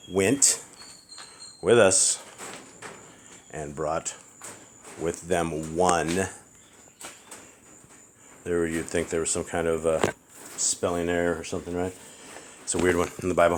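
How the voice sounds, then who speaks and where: Deep male voice for a slow, deliberate proofreading read-through, punctuation spoken aloud, faint background noise. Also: steady tone. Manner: slow, deliberate read-aloud with spelled-out words and quick asides. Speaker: scripture proofreader. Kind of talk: dictating a text aloud, line by line. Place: house with barking dogs nearby.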